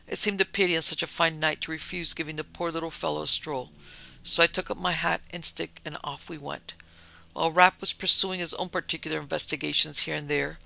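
A man narrating a story in a measured, composed manner. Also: a little high, creaky, sharp tone, rough recording.

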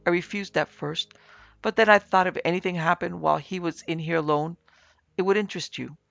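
A man doing a weak, shaken old-fashioned gentleman. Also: high-pitched, steady tone, brisk, gravelly, no room sound. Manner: weak, faltering. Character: shaken middle-aged English baronet, weak and unnerved. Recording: slightly muffled with soft music.

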